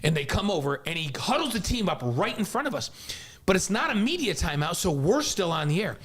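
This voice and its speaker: A man's voice: high-pitched, brisk, breathy edge. A man who hosts a sports podcast and works as a game broadcaster, telling a story in casual chat and acting out the quotes. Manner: energetic anecdote telling, acts out quotes.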